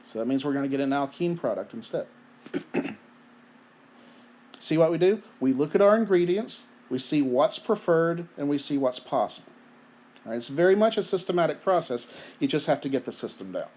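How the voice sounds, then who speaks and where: A man's voice: fairly high pitch, animated, moderate pace, darkish tone. Chatty man teaching chemistry. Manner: conversational, asks rhetorical questions, frequent "right?". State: has the hiccups. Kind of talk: recorded lecture.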